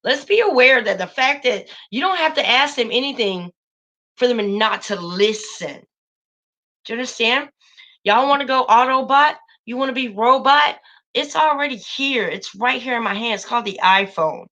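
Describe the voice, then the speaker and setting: A woman's voice: a little high, animated, moderate pace, pushed and bright, lo-fi sound. A woman hosting a casual livestream, talking emphatically and a bit preachily to her viewers, calling them y'all. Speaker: channel host.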